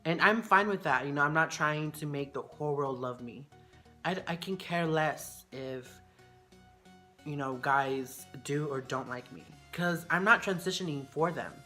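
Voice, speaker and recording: A woman's voice: deep voice, unhurried, pushed and bright, soft background music. A young woman telling a personal story in a casual, frank way, full of "you know" and "like".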